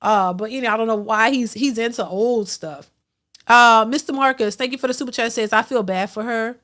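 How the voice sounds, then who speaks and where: A woman hosts a casual reaction stream, thanking viewers and giving her take. Her voice sits a bit high, and she jumps higher when she gets emphatic, repeating words as she goes. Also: brisk, fairly bright tone. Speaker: reaction channel host. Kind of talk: casual commentary reading super chats.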